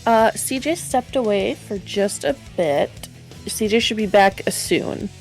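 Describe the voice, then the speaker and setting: A woman co-hosting a stream, chatting casually with quick teasing reactions. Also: mid-range voice, darkish tone, soft background music. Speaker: co-host. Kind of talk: casual livestream chat.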